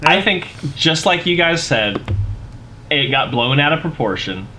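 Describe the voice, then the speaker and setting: A man co-hosting a casual podcast, presenting his research in a relaxed, chuckling way. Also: on the high side, a little slow, slight background noise. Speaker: podcast co-host presenting the topic.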